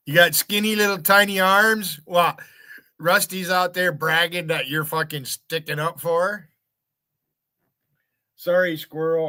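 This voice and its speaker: An American man hosting a livestream launches into a profane, mocking rant, taunting and swearing at viewers in his chat. His voice is on the high side, bright and forceful, captured in clean studio sound with no echo.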